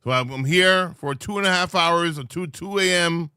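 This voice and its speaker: A man's voice: on the high side, normal speed, pushed and bright, smooth, no echo, clean studio sound. A sleepy man hosting a livestream, chatting loosely with viewers and teasing them. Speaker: livestream host. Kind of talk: casual livestream chat.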